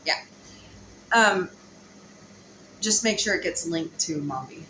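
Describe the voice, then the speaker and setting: A woman's voice: lowish voice, animated, slow pace, pushed and bright. A woman hosting a casual home vlog as a mother, chatting loosely with many ums. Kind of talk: casual chat. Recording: roomy, light background hiss.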